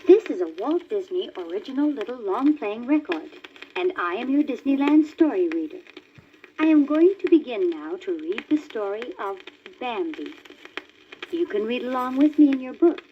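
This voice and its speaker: Lively woman reading a storybook record. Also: a little high, moderate pace. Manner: clear, animated reading aloud. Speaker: story reader. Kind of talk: scripted storybook narration. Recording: dull crackly old vinyl record.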